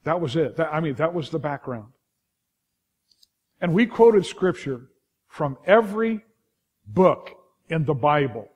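Animated Californian preacher, fairly high voice. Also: male voice, measured pace, long pauses, breathy edge. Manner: animated, lots of restarts and asides to the congregation. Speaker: pastor. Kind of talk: sermon storytelling.

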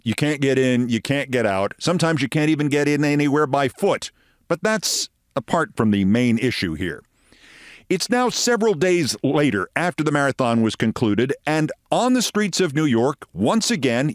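A man's voice: fairly high pitch, dry recording, studio quality. A man in his sixties hosting a commentary show, telling anecdotes in a wry, conversational way. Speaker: show host.

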